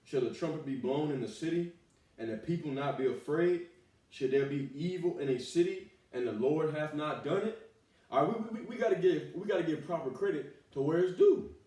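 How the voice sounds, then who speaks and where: A man delivers a fiery street sermon, reading scripture and breaking off to curse and call out his listeners, with "all right" and "man" again and again. His voice has a mellow, dark tone. It comes from well away from the mic and rings in a heavy echo. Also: on the high side, lively intonation, fairly quick. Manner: preaching, with profanity and repeated "all right" and "man". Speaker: street preacher. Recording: echoey, from far off the mic.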